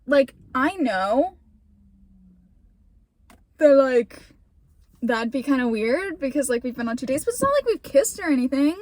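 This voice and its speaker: Young woman vlogger, high voice, rambling storytime from the driver's seat, lots of swearing and "like". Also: animated, takes it slowly, long pauses, a little mellow, dry recording. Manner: rambling, heavy swearing, many fillers. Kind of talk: casual storytime rant while driving. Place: in a car.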